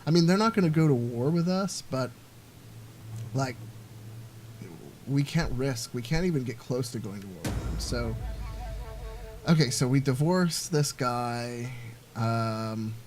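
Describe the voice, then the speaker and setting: A man's voice: medium pitch, animated, measured pace, pauses often, a little mellow. A man giving casual gameplay commentary, rambling and thinking aloud with lots of fillers. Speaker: let's play host.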